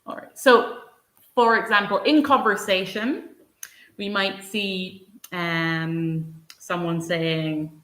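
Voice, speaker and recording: A woman's voice: on the low side, fairly even intonation, takes it slowly, fairly bright tone. A woman teaching English in a live online lesson, patient and encouraging, answering viewers by name. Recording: roomy echo.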